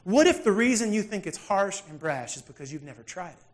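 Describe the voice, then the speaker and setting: A pastor with a notably high voice preaches in a relaxed, storytelling way. He drops to near-quiet asides, then bursts out loud. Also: fairly quick. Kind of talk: sermon with personal storytelling.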